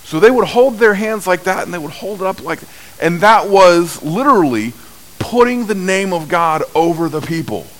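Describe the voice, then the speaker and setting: A man preaching a sermon, telling stories at an unhurried pace with big swings in pitch and loudness. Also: animated, poor audio. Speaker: pastor.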